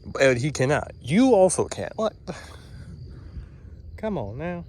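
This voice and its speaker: Speaking a little slowly with long pauses, a vlogger teases animals while wandering an outdoor farm or petting zoo, camera in hand. His medium-pitched voice is very animated yet a little mellow as he chats casually.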